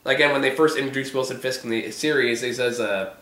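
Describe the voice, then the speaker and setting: Man, hoarse, casual rambling chat, bright voice, echoey room. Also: medium pitch, fast talker. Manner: rambling, filler-heavy, swears casually. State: hoarse, voice giving out. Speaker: vlog host. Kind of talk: casual TV episode discussion.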